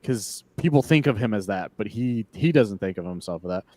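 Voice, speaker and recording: A man talking casually on a podcast in a dry, close sound. He is animated and loose, swears freely and acts out bits of dialogue between laughs. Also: fairly low pitch, brisk, no room sound. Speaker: podcast co-host. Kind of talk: casual comic book discussion.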